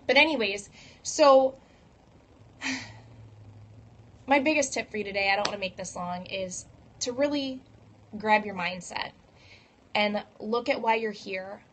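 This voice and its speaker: A woman's voice: mid-range voice, a little slow, long pauses, fairly bright tone, a little hiss or hum. A woman vlogger giving an earnest, casual motivational talk to camera and acting out voices when she tells a story. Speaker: fitness coach and vlogger.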